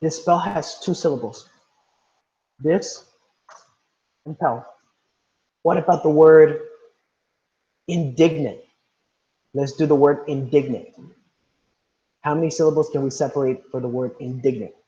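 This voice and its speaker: A man's voice: fairly high pitch, steady tone, moderate pace, pauses often, warm tone, highs cut off. A male teacher leading an online class, reading instructions and calling on students by name. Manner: encouraging, calls on students by name. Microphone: video call.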